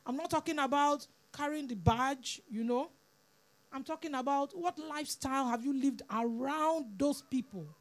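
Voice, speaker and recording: A woman preaching a sermon, earnest and pleading, repeating words for emphasis. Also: sits high.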